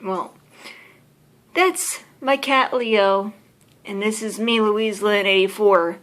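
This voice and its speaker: A woman's voice: medium pitch, slow, a bit bright. A woman filming at home, playfully scolding and teasing her cat in baby talk. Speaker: vlogger. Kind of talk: casual home video talking to her cat.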